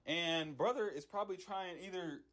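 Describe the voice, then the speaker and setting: A man's voice: sits high, moderate pace, fairly bright tone. A young man who makes game characters, ranting in a rambling, frustrated way with lots of slang and repeated words. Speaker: MUGEN character creator. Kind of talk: casual ranting vlog.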